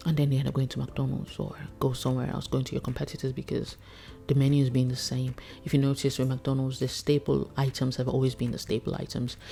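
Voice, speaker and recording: Gravelly, mellow-voiced woman chef coaching. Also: extremely low pitch. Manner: chatty, laughs often, acts out customers. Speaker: chef and food business coach. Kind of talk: casual teaching talk.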